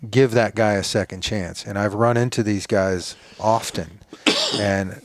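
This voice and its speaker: A man in his fifties, a retired military leader, talking reflectively as a guest in a casual interview, soft-spoken with pauses and fillers. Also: on the low side, fairly even intonation, dry recording, clean studio sound.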